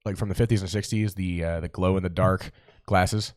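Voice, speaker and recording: A man's voice: deep voice, fairly even intonation, brisk. A man co-hosting a podcast in casual chat, rambling, enthusiastic and swearing freely. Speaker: podcast co-host.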